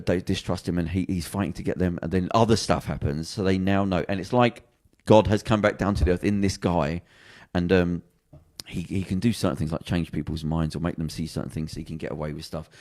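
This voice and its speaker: A man co-hosting a casual podcast, spinning out a TV plot in a rambling, animated way and throwing in voices for the characters. His voice sits low, and he talks at a quick clip that keeps tumbling forward. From England. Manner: rambling, animated storytelling with acted quotes and restarts. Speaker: podcast co-host. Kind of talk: casual chat, retelling a TV plot.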